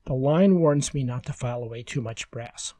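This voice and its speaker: A man giving calm, measured, step-by-step woodworking instructions as a scripted voice-over. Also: mid-range voice, no room sound.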